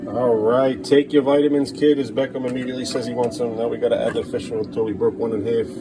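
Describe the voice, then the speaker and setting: A man's voice: medium pitch, level tone, quick pace, music in the background. A man filming his family at home, talking in a sing-song voice to his kids and muttering weary asides. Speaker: parent vlogger. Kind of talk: casual family vlog.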